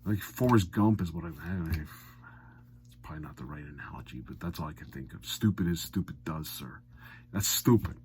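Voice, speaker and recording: A man giving a blunt, exasperated hockey recap rant, swinging from muttered asides to loud outbursts. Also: rumbling low, fairly quick, a little hiss or hum. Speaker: sports commentary vlogger.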